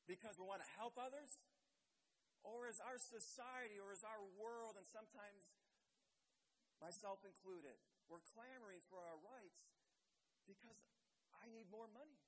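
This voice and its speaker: A man's voice: high voice, a bit bright, a little hiss or hum, rough recording. A man pastor preaching a sermon with an impassioned, repetitive cadence, leading into prayer. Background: music.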